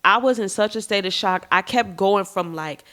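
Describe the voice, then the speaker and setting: Into her podcast microphone, a woman recounts her personal story openly, talking directly to "y'all" and swearing offhandedly. She is frank and expressive, with a mid-range voice and a normal pace.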